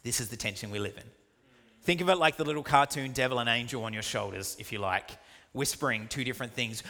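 A man preaching a sermon, animated and jokey, with quick asides and acted-out dialogues. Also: mid-range voice, big-room sound. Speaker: pastor.

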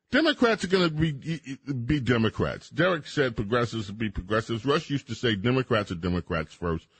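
A man's voice: mid-range voice, breathy edge, dry recording. A middle-aged man hosting a radio talk show, giving opinionated, emphatic commentary with mocking asides.

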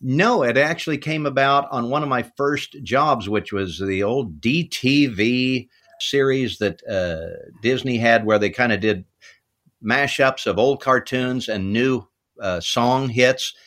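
A middle-aged man, a voice actor as an interview guest, telling relaxed, unhurried anecdotes about his work. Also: mid-range voice. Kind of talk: interview storytelling.

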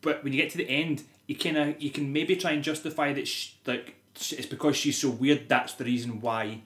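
A man's voice: fairly even intonation, fairly quick, a bit bright. Guy in his twenties, loose and sweary film-chat co-host, recorded in a roomy space. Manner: sweary, laughing, acts out quotes in shrill voices. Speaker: podcast co-host. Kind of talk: casual chat.

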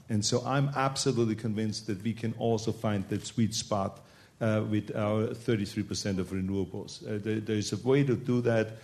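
Emphatic low-voiced man, governor at a panel. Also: a little mellow. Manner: emphatic, repeats points, frequent fillers. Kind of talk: panel discussion on policy.

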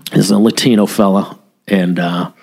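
A man's voice: deep voice, steady tone, moderate pace, vocal fry, darkish tone. A man on a podcast, a former police officer, candidly telling a story in casual chat with frequent swearing. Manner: candid, heavily profane storytelling.

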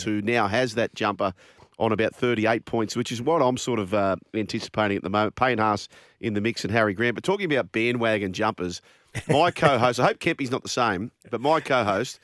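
A man's voice: lowish voice, moderate pace, a bit bright, no echo, clean studio sound. A man hosting a sports radio show, jokey and bantering with his co-host. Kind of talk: casual sports radio chat.

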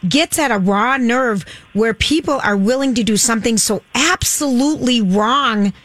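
A woman with a Minnesota accent, co-hosting a book chat and gushing over the book in halting phrases. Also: fairly high pitch, fairly bright tone. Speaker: book show co-host. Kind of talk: casual interview chat.

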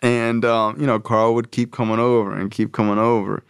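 A man's voice: mid-range voice, level tone, moderate pace, vocal fry, smooth, dry recording, clean studio sound. A man telling a story casually, loose and profane, full of slang fillers.

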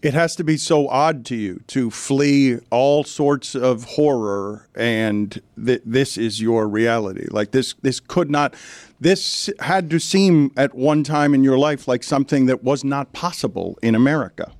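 Soft-spoken talk radio host man. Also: mid-range voice, measured pace, no echo.

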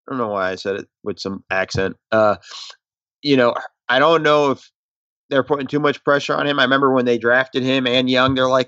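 A man's voice: medium pitch, no echo. Laid-back man on a dull-sounding mic. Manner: relaxed, hesitant, drawn-out phrasing. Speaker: podcast co-host. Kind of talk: casual sports podcast chat.

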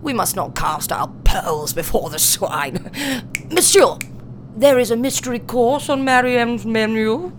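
A woman's voice: a little high, animated, measured pace, faint music behind. A woman playing a jovial, pompous male president in an audio drama. The figure speaks heartily and pompously.

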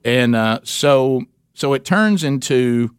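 A man's voice: mid-range voice, lively intonation, takes it slowly, clean tone, no echo, clean studio sound. A middle-aged man hosting a talk radio show, telling a story with many restarts.

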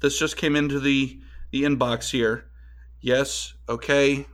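A young man with an ordinary mid-range voice co-hosts an improvised comedy bit. He keeps a deadpan delivery and slows down on purpose when he reads messages aloud. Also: mid-range voice. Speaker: comedy podcast co-host.

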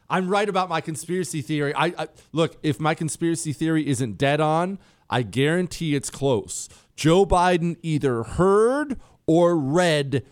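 A man hosting a talk radio show, joking about himself in an animated, self-mocking way. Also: a little high, moderate pace. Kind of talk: casual talk radio monologue. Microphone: studio headphones.

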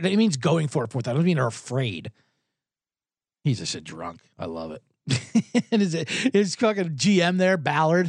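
A man's voice: high-pitched, fairly bright tone, no room sound, clean studio sound. A man hosting a sports betting podcast, ranting sarcastically with plenty of profanity. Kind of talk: comedic sports rant.

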